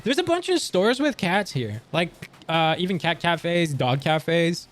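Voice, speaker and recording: Animated young man chatting on a livestream. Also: fairly high pitch, unhurried, soft background music. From Canada, near Montreal. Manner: animated and joking, voice jumping up in surprise. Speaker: livestream streamer. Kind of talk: casual livestream chat, reading out chat messages.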